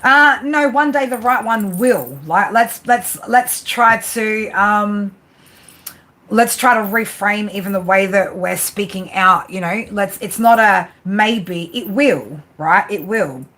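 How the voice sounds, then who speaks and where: A woman's voice: mid-range voice, slow pace, bright, forceful tone. A woman doing live tarot readings, chatty and rambling, often restarting her sentences. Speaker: tarot reader.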